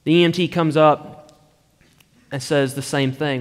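A man preaching a sermon, slow and deliberate, often dropping to a hushed tone for emphasis. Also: fairly high pitch, steady tone, long reverb tail.

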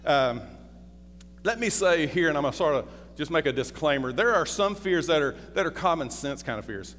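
A man's voice: a little high, lively intonation, normal speed, a bit bright. A middle-aged man giving a conversational sermon, asking the congregation questions and telling personal stories. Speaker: preacher. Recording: reverberant hall with faint hum.

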